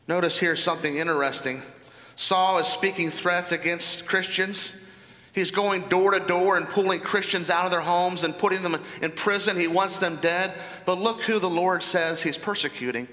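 Male pastor, earnest sermon delivery with rhetorical questions; sharp, bright tone in a reverberant hall. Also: high-pitched.

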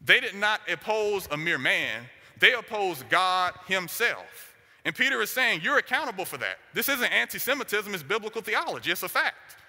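A man's voice: sits high, sing-song, normal speed, bright, forceful tone. A man preaching a sermon, driving his points home with short, repeated declarations. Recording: long hall reverb.

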